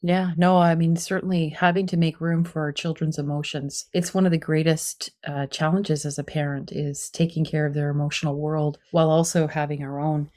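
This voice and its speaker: Middle-aged female expert guest, low-pitched, earnest, explanatory, casual fillers. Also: flat delivery, brisk, few pauses, mellow. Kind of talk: conversational interview.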